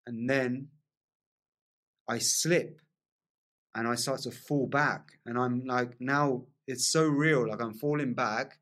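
Excitable man telling a wild story. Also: medium pitch, slow pace, long pauses. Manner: vivid, excitable storyteller, laughs often, many "like" fillers. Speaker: podcast guest. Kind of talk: storytelling in casual conversation.

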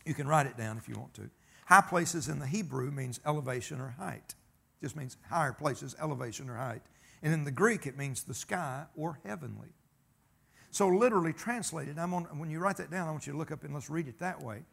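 A man's voice: on the high side, brisk, gravelly, pushed and bright, breathy edge. A man preaching a sermon, folksy and emphatic, telling stories and calling for amens. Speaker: pastor.

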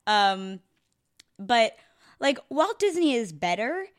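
A woman's voice: on the high side, big pitch swings, slow. A woman co-hosting a podcast in casual chat, talking with lots of fillers and restarts and laughing often. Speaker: podcast co-host.

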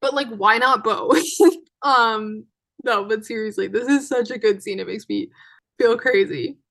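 A woman hosting a solo podcast recap, talking in a chatty, excitable way with lots of fillers. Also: a little high, a little slow. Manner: chatty and excitable, many fillers, frequent laughs. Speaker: podcast host.

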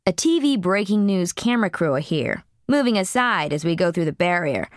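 A woman's voice: on the low side, animated, fairly quick, no room sound, studio quality. A woman narrating an audiobook in a blunt, profane first-person voice.

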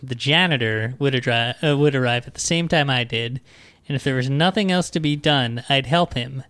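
A man's voice: medium pitch, moderate pace, a bit bright, no room sound. A man in his thirties hosting a podcast, ranting and cursing casually while reading passages from a book aloud. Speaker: podcast host. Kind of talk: casual comedic book discussion.

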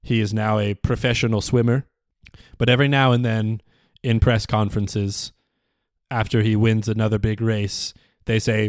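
A man's voice: lowish voice, level tone, moderate pace, no echo. A man hosting a solo comedy podcast, telling a story in a rambling, profane, mock-serious way on a close mic. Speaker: podcast host.

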